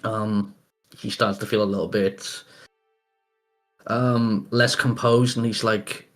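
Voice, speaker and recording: A man's voice: fairly low pitch, little pitch movement, slow, long pauses, faint music behind. A man playing a tabletop game who describes his character's actions hesitantly, with many fillers. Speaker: player.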